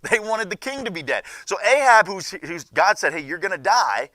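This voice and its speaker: A young man teaching a junior high Bible class, retelling the story with lively asides and acting out what the characters say. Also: normal speed, no echo, clean studio sound.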